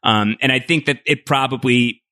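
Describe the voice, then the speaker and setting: A man's voice: mid-range voice, moderate pace, sharp tone. A man co-hosting a podcast, talking in a loose, rambling way full of fillers and restarts. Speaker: podcast co-host. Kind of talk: casual podcast discussion.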